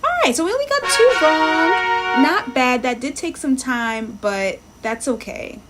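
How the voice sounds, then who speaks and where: A woman's voice: sits high, expressive, a little slow, loud music behind the voice. A woman live-streaming her language practice, chatting casually, thinking aloud, sounding out words and greeting viewers in the chat. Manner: reads lesson text aloud, sounding words out.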